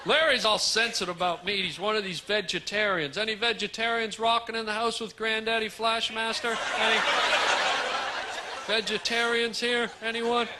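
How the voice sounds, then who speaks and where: A man doing a stand-up comedy set on a club stage, animated and teasing the crowd. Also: high voice, normal speed. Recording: live club recording, audience laughter and noise.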